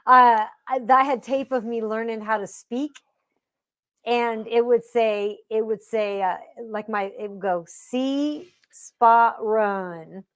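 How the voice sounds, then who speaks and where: A woman's voice: fairly high pitch, steady tone, a little slow, clean tone. A woman in her fifties co-hosting a casual live chat, rambling through stories with many restarts. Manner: warm, rambling storyteller with restarts. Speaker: co-host.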